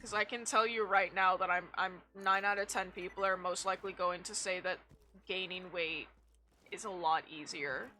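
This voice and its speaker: A woman's voice: on the low side, steady tone, moderate pace, bright, forceful tone. A young woman streaming a game, chatting casually in a blunt, rambling way with frequent swearing. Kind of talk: casual chat while gaming.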